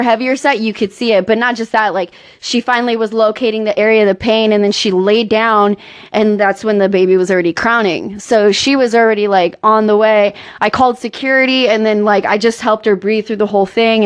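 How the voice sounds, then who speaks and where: A young woman with a slightly high voice chats in a loose, comedic interview. She is playful and teasing and laughs easily between stories. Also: quick pace, smooth. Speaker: nurse and comedian.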